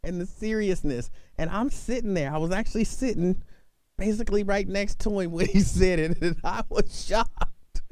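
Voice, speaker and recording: A man's voice: high-pitched, lively intonation, normal speed, darkish tone. A man hosting a call-in talk radio show, chatting loosely and repeatedly breaking into laughter at a studio microphone.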